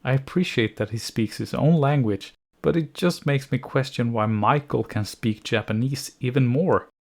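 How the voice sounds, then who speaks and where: A man reads through a scripted review of an animated series at a mid-range pitch. His delivery is sardonic and picky, and he often sounds exasperated at the plot holes. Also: normal speed, gravelly. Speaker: anime reviewer.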